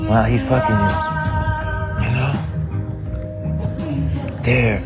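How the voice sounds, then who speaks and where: A man giving a raw, profane personal monologue about family, often sinking into a whisper. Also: on the low side. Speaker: speaker venting about family. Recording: dull lo-fi sound with background noise.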